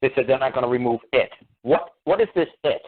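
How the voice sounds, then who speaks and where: A man's voice: medium pitch, expressive, fast talker. Blunt guy on a radio show grilling folks with question after question, tinny phone-line sound. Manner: combative, hammering rhetorical questions; blunt, swears. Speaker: radio talk show host. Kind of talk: lecturing on a call-in radio show.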